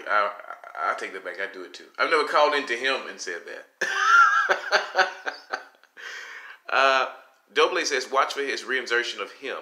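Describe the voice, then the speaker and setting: A blunt, casual man hosting a live stream and reading out viewer comments. His voice is very bright and lively in pitch. The sound is roomy, with a clear echo. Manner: blunt, loose and laughing, reads viewer comments aloud.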